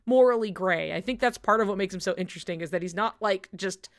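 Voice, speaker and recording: A woman's voice: mid-range voice, fast talker. A woman streamer chatting casually during a watch-along, rambling with lots of fillers, swearing and frequent laughter.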